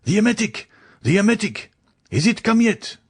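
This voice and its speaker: A man voicing an alarmed nobleman shouting frantically for help in an audiobook. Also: sing-song, moderate pace, breathy edge, exaggerated voice. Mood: frantic. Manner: frantic, high-pitched.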